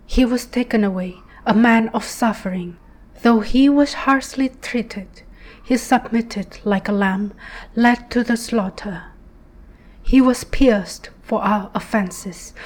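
A woman reads devotional scripture aloud in a hushed, reverent tone. Her voice sits a bit high, and she moves through each phrase very slowly, with pauses between lines. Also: poor audio. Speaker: prayer leader.

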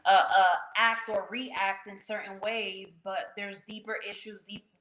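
A woman's voice: mid-range voice, flat delivery, a little slow, fairly bright tone, reverberant, rough recording. A woman hosting a faith talk show who sums up her guest's points in an affirming, reflective way.

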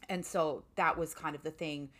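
A woman's voice: low voice, fairly even intonation, normal speed, fairly bright tone. A woman telling a personal story in a casual interview, talking freely with many "like" fillers. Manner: chatty, lots of "like" fillers.

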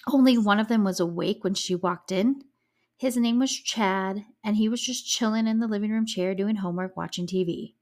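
A woman's voice: mid-range voice, moderate pace, darkish tone. A woman hosting a podcast, telling a true-crime story in a casual, emphatic way with fillers and swearing, her voice a little scratchy. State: slightly scratchy voice. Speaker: podcast host.

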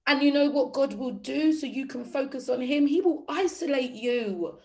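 A woman's voice: high-pitched, normal speed, darkish tone. A woman giving an inspirational faith talk to a group, tearful, earnest and emotional, repeating phrases for emphasis. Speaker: spiritual speaker.

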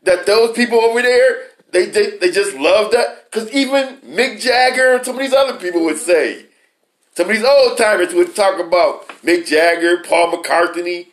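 A man's voice: sits high, moderate pace. Emphatic man in casual chat. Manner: emphatic, exclaiming. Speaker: co-host.

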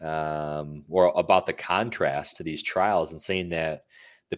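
A man's voice: low-pitched, unhurried. A man hosting a casual talk show who asks questions and gives dry, wry reactions. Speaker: podcast host. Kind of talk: casual chat, asking questions.

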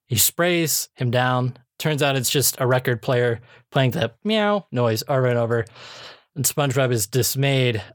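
A man's voice: mid-range voice, animated, a little slow, dry recording, clean studio sound. A man hosting a podcast in casual chat, chatty with many fillers and frequent laughs. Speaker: podcast host reviewing episodes.

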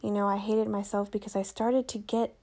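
A woman's voice: mid-range voice, level tone, a little fast, dark tone. A young woman hosting a solo podcast, talking casually, joking and correcting herself as she goes. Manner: chatty, self-correcting, joking. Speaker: podcast host.

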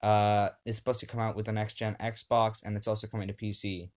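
A man's voice: fairly low pitch, level tone, a little fast, darkish tone. A young man hosting a casual home podcast, upbeat and rambling, with many fillers, reading lists off a screen. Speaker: podcast host.

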